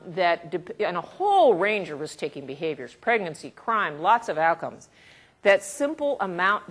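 A woman researcher giving an academic lecture in a conversational way, with asides and the odd chuckle. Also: fairly low pitch.

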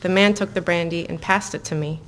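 A woman author reading her own novel aloud to listeners in an even, measured way, breaking off into casual asides full of fillers. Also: lowish voice. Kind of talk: live book reading with chatty asides.

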